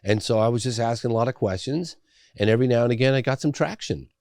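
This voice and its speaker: A middle-aged man, a documentary filmmaker, telling a story as a guest in a podcast interview, animated and loose with fillers. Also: medium pitch, fast talker, no echo, studio quality.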